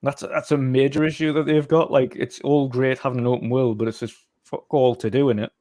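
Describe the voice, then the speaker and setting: British male co-host, mid-pitched, opinionated, rambling restarts. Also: flat delivery, a little fast, mellow, no room sound, clean studio sound. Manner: opinionated, talks in long runs with restarts. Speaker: podcast co-host. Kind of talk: casual chat.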